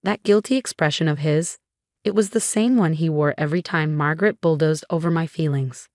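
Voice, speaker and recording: A woman tells a first-person story with emotional, dramatic delivery. Her voice is low-pitched, and the recording is dry and close, with almost no room sound. She paces the narration like a scripted drama. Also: fairly quick, a little mellow, dry recording.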